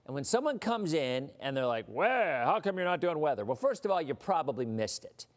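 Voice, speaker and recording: A man's voice: a little high, big pitch swings, fairly quick. A man hosting a weather livestream, chatting casually in a rambling way with mock-indignant asides.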